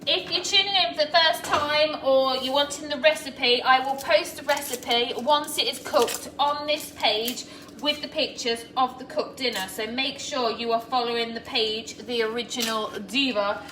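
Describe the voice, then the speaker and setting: Chatty high-voiced woman cooking live. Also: steady tone, normal speed, pushed and bright, slight background noise. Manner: chatty, greets viewers by name while cooking. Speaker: host of a live cooking stream. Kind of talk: casual live cooking demo. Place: home kitchen. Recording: echoey kitchen, mic far off, pan clatter.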